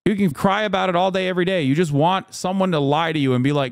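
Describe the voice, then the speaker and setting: A man's voice: sits high, fast, gravelly, no room sound, clean studio sound. A man streaming live, reading the news aloud and reacting to it in heated, profane, incredulous rants. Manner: reads news articles aloud between remarks. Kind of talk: livestream reaction commentary.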